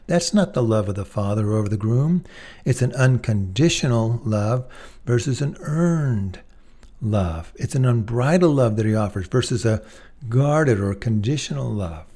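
A man's voice: mid-range voice, lively intonation, a little slow, mellow. Earnest male preacher addressing his flock. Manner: earnest, emphatic, addresses listeners directly. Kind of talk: sermon.

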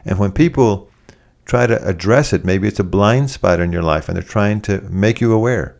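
A man preaching a sermon, animated and conversational, acting out quoted voices as he speaks. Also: on the low side, normal speed, gravelly.

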